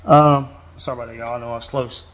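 Quick and fairly even in intonation, this mid-range male voice belongs to a Southern-accented fishing channel host from Georgia. He walks through a hands-on repair as a casual how-to, folksy and full of "y'all," fillers, and restarts.

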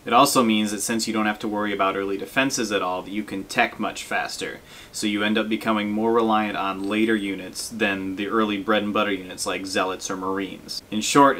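A man's voice: on the low side, slight background noise. A young man giving casual, self-deprecating commentary over gameplay as a gaming video host. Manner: relaxed, self-deprecating, frequent fillers.

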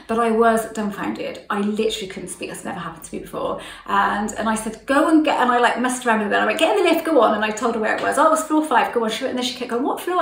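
A woman's voice: a little high, gravelly, reverberant, recorded from a distance, low-quality recording. A middle-aged woman telling a story to camera in a chatty way, laughing often and acting out what people said. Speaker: vlogger.

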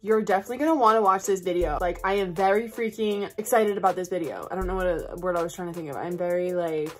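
A woman's voice: fairly low pitch, quick pace, soft background music. A tired woman talking casually through a shopping haul vlog at home, chatty and full of \"like\". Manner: chatty, filler-heavy, \"like\" constantly. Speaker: haul vlogger and mother.

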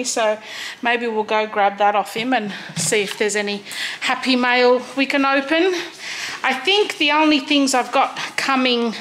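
A woman's voice: fairly high pitch, fairly bright tone, a little hiss or hum, rough recording. An Australian woman vlogging casually, chatting and chiding her horse with a laugh. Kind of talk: casual vlog chat. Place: outdoors at home with a horse, then indoors.

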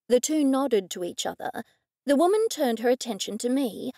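Female audiobook narrator, lively first-person read, dry close sound. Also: on the high side, moderate pace, gravelly, dry recording.

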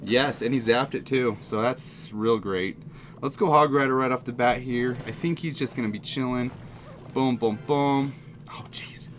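A man giving excited, jokey running commentary on his own mobile game, talking straight to his viewers. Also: mid-range voice, normal speed, slight background noise. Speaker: gaming channel host. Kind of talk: live gameplay commentary.

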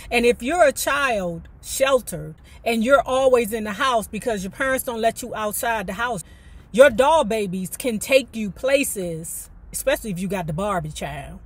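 A woman reading a memoir aloud and breaking off into animated, colloquial commentary. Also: medium pitch, moderate pace, breathy edge. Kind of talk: book reading with casual commentary.

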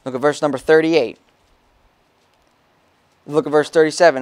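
In a church, a pastor with a fairly high voice preaches in a relaxed, conversational style, reading scripture aloud and often tossing in "okay?" to check on his listeners. He talks briskly but leaves long pauses, and there's no room sound.

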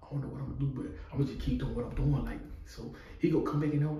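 A man's voice: medium pitch, very fast, hardly any pauses. A young man vlogging a prank, talking casually with lots of slang and swearing to his viewers. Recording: echoey room from far off, loud noise.

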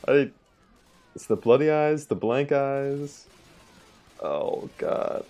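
A man giving live gameplay commentary, excitable and quick to exclaim and laugh. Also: medium pitch. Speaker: gaming channel host.

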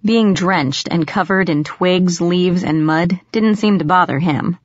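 A woman narrates a first-person audiobook in a measured, storytelling manner. Her voice sits low for a woman. The recording is dry, with no room echo, and slightly muffled.

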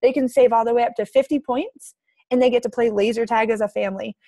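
A woman in her thirties leading a motivational team video call, energetic and emphatic. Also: on the high side, fast, no room sound, clean studio sound. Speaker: team coach leader.

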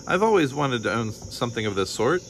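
A man voicing a sly, greedy male fox who talks in a smooth, mocking way. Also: medium pitch, sing-song, fairly quick, slight background noise.

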